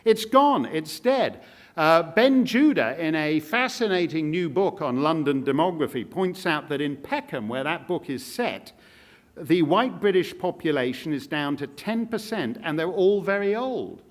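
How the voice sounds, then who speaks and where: A man speaking to a live audience in a wry, sardonic way, dropping jokey asides. His voice sits high for a man and rises and falls a great deal. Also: lively intonation, a little slow.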